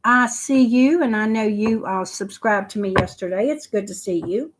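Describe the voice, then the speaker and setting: A woman's voice: medium pitch, normal speed, background noise. An older woman chatting casually on a phone livestream, talking with lots of "you know" fillers and repeating herself. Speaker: livestream host.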